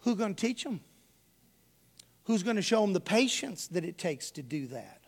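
A man's voice: high-pitched, sing-song, normal speed. A man from Texas, preaching a sermon full of folksy personal stories and calling his congregation y'all.

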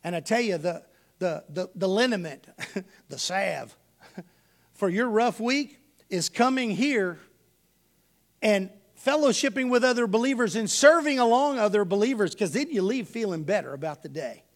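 A man's voice: high-pitched, animated, normal speed. A man from Texas, preaching a sermon full of folksy personal stories and calling his congregation y'all.

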